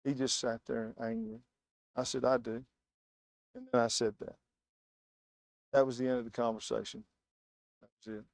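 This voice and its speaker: A man's voice: mid-range voice, normal speed, vocal fry, pauses often, no echo, studio quality. A man preaching a sermon in a church, telling stories with emphatic, word-by-word stress. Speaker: guest preacher.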